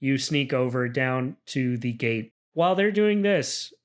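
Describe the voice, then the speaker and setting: A man narrating a tabletop role-playing game as game master, describing scenes in a lively way. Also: medium pitch, a little slow, smooth.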